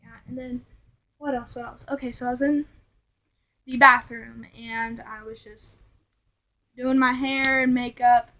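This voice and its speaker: A young woman casually telling ghost stories to her vlog viewers, chatty and animated, now and then dropping to a hushed aside. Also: a little high, unhurried, pauses often, poor audio. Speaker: vlogger.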